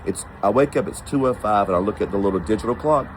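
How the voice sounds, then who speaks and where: A man's voice: lowish voice, fast, slight background noise, rough recording. A man telling a personal travel story casually and with animation, acting out the voices of the people in it. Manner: animated, acts out quoted voices.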